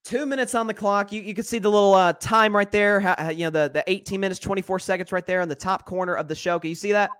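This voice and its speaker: East Tennessee man hosting a sports podcast, high voice, upbeat and chatty. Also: steady tone, fairly bright tone, smooth. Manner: upbeat, quick restarts and repeats. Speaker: podcast host. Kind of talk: casual sports podcast chat.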